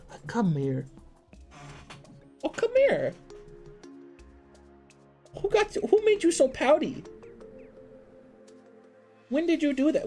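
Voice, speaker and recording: Brief: cooing pet baby talk, put on by a streamer, high and singsongy, heard from a step back. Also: exaggerated voice. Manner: high sing-song cooing, soft and teasing.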